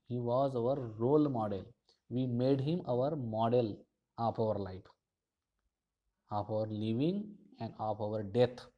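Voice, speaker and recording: A man's voice: mid-range voice, lo-fi sound. A male college teacher, explaining a poem line by line and restating each phrase again and again. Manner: slow, repetitive explanation with frequent restatements.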